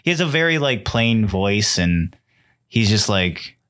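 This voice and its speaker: A man's voice: fairly low pitch, sing-song, unhurried, fairly bright tone. A man co-hosting a casual chat show, telling stories in a rambling way with many fillers. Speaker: podcast co-host.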